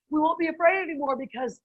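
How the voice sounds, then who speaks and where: A woman leading a faith group on a video call, effusive and quick to exclaim, laughing between thoughts. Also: high voice, fairly bright tone, dry recording, dull audio. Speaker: group leader.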